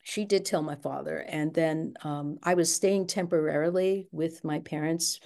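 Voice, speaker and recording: A woman's voice: low-pitched, steady tone, normal speed, vocal fry, dark tone. An older woman candidly recounting her family's past in an interview, reflective and speaking in her own words. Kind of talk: personal storytelling interview.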